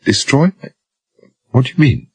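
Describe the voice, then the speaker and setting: A man's voice: medium pitch, sing-song, normal speed, slightly rough, dry recording, pitched above the performer's own voice. A man voicing a frightened young woman who pleads anxiously in an audiobook. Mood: scared.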